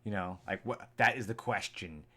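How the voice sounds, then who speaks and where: A man's voice: on the low side, moderate pace, fairly bright tone. A man vlogger reacting live to his old videos, rambling and earnest as he thinks aloud.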